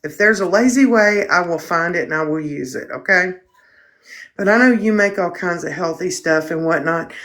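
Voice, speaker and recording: A woman's voice: on the low side, normal speed, fairly bright tone. Blunt, self-mocking middle-aged woman. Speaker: livestream host. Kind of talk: casual chat.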